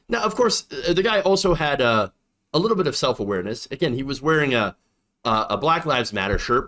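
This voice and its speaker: An indignant man delivers online political commentary with a sarcastic edge. His pitch swings widely as he talks. He circles back on his points, repeating phrases for emphasis. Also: very animated, a little fast, a bit bright.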